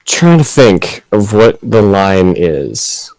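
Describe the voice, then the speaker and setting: A man's voice: fairly low pitch, big pitch swings, slow, a little mellow, clear, resonant tone, no echo, poor audio. A man chatting casually between tabletop game turns, rambling and restarting his sentences. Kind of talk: casual chat.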